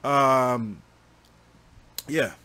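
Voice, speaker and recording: A man's voice: mid-range voice, very slow, pushed and bright. A man hosting a music reaction video, talking casually in a slangy, profane way full of fillers and restarts. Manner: rambling, repeats himself.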